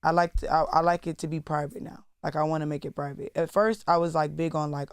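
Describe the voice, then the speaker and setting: A young woman talks in a blunt, profane, rambling way full of fillers. Her voice is smooth and clear, recorded dry and close on a studio mic. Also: sits low, quick pace, few pauses, no echo. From Atlanta. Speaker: rapper guest. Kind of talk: candid interview talk.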